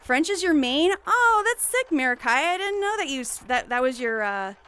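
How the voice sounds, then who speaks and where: A woman's voice: high voice, big pitch swings, moderate pace, bright, forceful tone. A young woman livestreaming, chatting casually and rambling with giggles and restarts.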